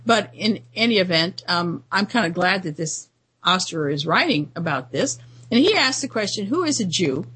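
A woman's voice: on the low side, big pitch swings, normal speed, fairly bright tone, slightly rough, low-quality recording. A woman hosting a commentary show, talking through news items in a rambling, indignant monologue with frequent fillers and restarts.

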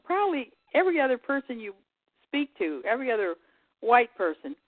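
Woman caller rambling, kinda high voice, dry tinny phone sound. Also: very animated, no room sound. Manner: rambling, halting, trails off. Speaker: call-in guest. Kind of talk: casual radio call-in chat.

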